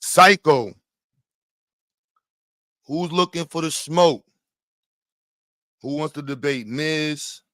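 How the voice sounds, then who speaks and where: A man riffs loosely in casual, trash-talking chat, with a voice pitched a little high and lots of laughter. His speech is slangy and playful. The recording is dry and close, with no room sound. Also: drawn-out words, long pauses, no echo. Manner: animated, laughing, slangy and teasing.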